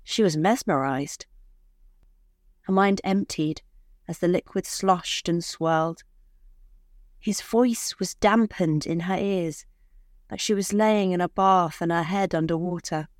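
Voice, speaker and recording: Slow, low-voiced woman narrating a story. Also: no room sound, studio quality. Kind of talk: scripted narration.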